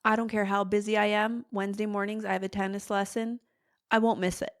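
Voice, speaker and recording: Chatty woman podcast host, mid-pitched. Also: flat delivery, brisk. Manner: conversational, acts out frustrated inner voices in a higher pitch. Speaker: podcast host and ADHD therapist. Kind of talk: casual solo podcast talk.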